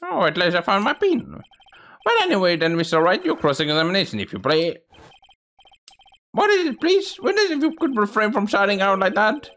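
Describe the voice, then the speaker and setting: A man's voice: high-pitched, huge pitch swings, fairly quick, fairly bright tone, pitched above the performer's own voice, heavily acted. A man voicing a flustered, dithering elderly judge in a game. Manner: fussy and dithering. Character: flustered old male judge.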